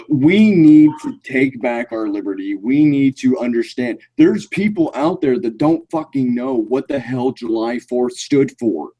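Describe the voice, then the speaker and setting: A man's voice: mid-range voice, lively intonation, a little slow, mellow. A man co-hosting a podcast, angry and indignant, swearing constantly. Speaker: podcast co-host. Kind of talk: casual profane chat.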